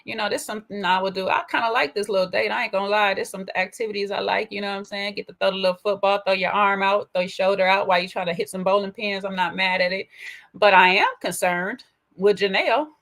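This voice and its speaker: A woman's voice: medium pitch, quick pace, gravelly. Sassy woman giving TV commentary. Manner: sassy, animated, colloquial. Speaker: commentary host. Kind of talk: casual reality TV commentary.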